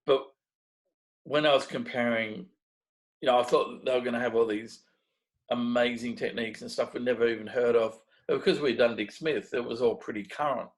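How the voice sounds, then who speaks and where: On poor audio, a middle-aged Australian man speaks with medium pitch and moderate pace. He's a make-up effects artist being interviewed, casually and animatedly recounting stories, often beginning again and voicing other people's lines.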